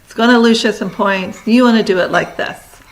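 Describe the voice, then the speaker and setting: A woman teacher giving a recorded lesson, talking students through steps in brisk, directive instructions. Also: mid-range voice, low-quality recording.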